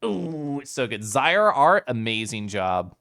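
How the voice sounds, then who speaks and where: A man's voice: medium pitch, sing-song, unhurried, vocal fry, a bit bright, no room sound, clean studio sound. A man streaming a game, chatting casually with viewers, bubbly and giggly. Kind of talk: casual live-stream chat.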